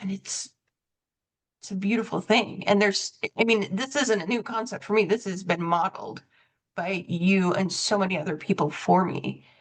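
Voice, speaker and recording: A woman's voice: medium pitch, fairly even intonation, normal speed. A woman hosting a coaching podcast, reflective and self-correcting, telling stories and acting out both sides of the dialogue. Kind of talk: conversational interview.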